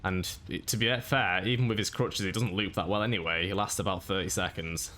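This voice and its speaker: A man giving a monotone, matter-of-fact voice-over commentary on his own gameplay. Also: deep voice, a little fast, slight background noise. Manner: monotone delivery. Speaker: gaming YouTuber.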